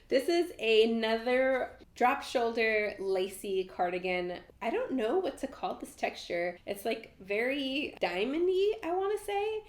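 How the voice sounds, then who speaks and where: A woman's voice: on the high side, expressive, a little slow, few pauses. Young woman host, congested and nasal from a cold, casual and upbeat, with lots of filler "like"s. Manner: chatty, enthusiastic, many fillers of "like". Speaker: knitting podcast host. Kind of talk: casual pattern round-up talk.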